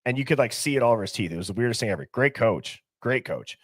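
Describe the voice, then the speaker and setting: A man's voice: mid-range voice, animated, fast talker, fairly bright tone, husky, dry recording, studio quality. A young man hosting a livestream, talking casually and animatedly, firing off rhetorical questions. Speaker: livestream host.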